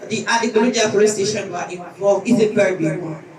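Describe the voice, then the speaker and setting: A woman's voice: mid-range voice, steady tone, quick pace, crowd noise. A woman gives an earnest teaching lecture and tells a story from her school. Her voice is picked up from across a reverberant hall. An audience is heard around her. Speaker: teacher giving a conference talk. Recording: echoey hall, distant mic, audience.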